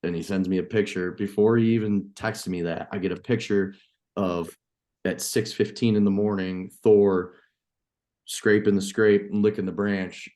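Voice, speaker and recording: A man from New York, a farmer and hunter, telling a story as a podcast guest, excited and profane. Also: lowish voice, moderate pace. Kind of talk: casual storytelling.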